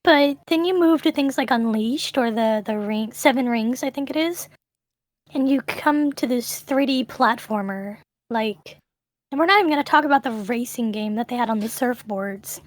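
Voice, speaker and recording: Brief: woman interviewer, slightly high voice, emphatic and enthusiastic, dry close sound. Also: moderate pace, dry recording. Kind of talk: casual chat about games.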